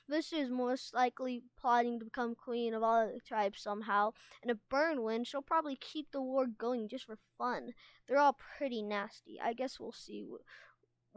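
A bookish young male dragon lectures in a gloomy, know-it-all way, read aloud by a woman. The voice is fairly high and recorded close and dry. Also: no echo, lightly acted.

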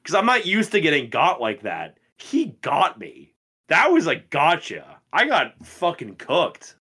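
A man in his twenties co-hosting a podcast, telling stories in a casual, profane and animated way. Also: fairly high pitch, measured pace, husky. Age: 20s. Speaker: podcast co-host. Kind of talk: casual chat.

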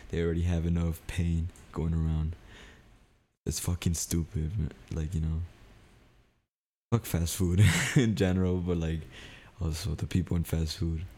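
A young man with a low, mellow voice tells a story on his podcast. He swears freely and acts out the argument with animated energy. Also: unhurried. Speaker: podcast co-host. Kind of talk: casual chat.

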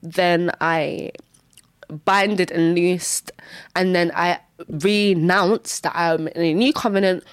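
A young woman giving a candid personal testimony in casual speech. She repeats herself often and breaks into sudden high exclamations. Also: steady tone, takes it slowly, smooth, no room sound, studio quality. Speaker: Christian vlogger sharing testimony.

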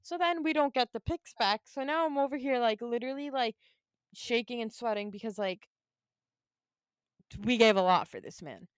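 An animated young woman talks sports in a casual chat, laughing and acting out her reactions. Her voice sits fairly high and comes through smooth and clear. The sound is dry and close. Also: normal speed, no echo. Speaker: podcast co-host, basketball fan.

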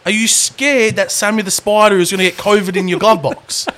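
A man co-hosting a podcast, chatting casually, animated and ranting with frequent laughs. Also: high voice, fairly quick, few pauses, slight background noise. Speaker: podcast co-host. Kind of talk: casual chat.

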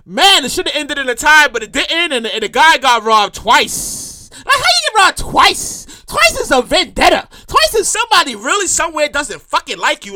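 A woman's voice: sits high, moderate pace. A woman hosting her own show, ranting in casual commentary, swearing freely and acting out what people said. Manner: animated, profane, acts out quotes. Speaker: show host.

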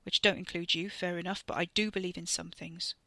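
A woman voicing a nervous young man who apologises and tries to calm things in rough slang. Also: on the low side, a little fast, no room sound. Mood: apologetic. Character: anxious young man trying to calm his brother.

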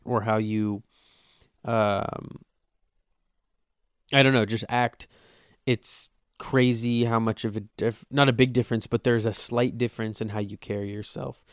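A man's voice: on the low side, fairly even intonation, a little slow, long pauses, no room sound, studio quality. A young man hosting his own podcast, rambling casually and swearing, joking at his own expense. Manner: rambling, profane, self-mocking. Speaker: podcast host. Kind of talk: casual solo podcast monologue.

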